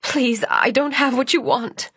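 A frightened young woman pleads in a trembling, raised voice, voiced by a woman narrator. Her words come in short, shaky bursts. The sound is dry and a bit husky. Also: sits high, steady tone, unhurried, a bit bright, dry recording, pitched above the performer's own voice, heavily acted. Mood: pleading.

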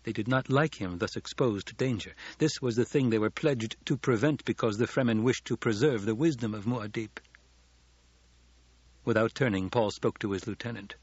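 A man narrating a novel as an audiobook, in steady storytelling. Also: mid-range voice, moderate pace, slightly rough, dry recording. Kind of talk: scripted narration. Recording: dull lo-fi audiobook recording.

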